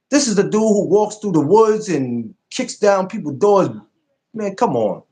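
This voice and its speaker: A man hosting a live podcast stream, chatting casually and animatedly, swearing freely and jumping up high when he mocks something. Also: lively intonation, a little slow, dark tone.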